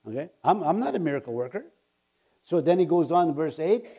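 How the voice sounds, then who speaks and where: A man preaching a sermon. He reads scripture aloud and breaks off into casual, animated asides, with loud emphatic bursts. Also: a little high, brisk.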